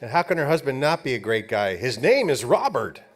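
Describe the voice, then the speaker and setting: A man serving as master of ceremonies at an awards banquet, introducing honorees with relaxed, light humor. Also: mid-range voice, a little fast, slight background noise. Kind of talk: event emcee introduction. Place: banquet hall.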